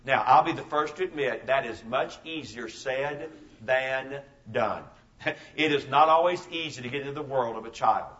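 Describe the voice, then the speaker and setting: A pastor in his fifties preaches a sermon, his medium-pitched voice fairly bright but picked up from a distance. He tells stories emphatically and keeps repeating his key phrases, all captured in a dull, lo-fi recording.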